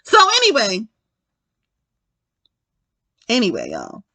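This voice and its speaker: A woman's voice: medium pitch, wildly swooping pitch, slow, sharp tone, no room sound. A woman recapping a film in a casual, rambling way, swearing freely and checking in with her viewers. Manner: rambling, profane, keeps asking "right?" and addressing "y'all". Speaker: film reviewer.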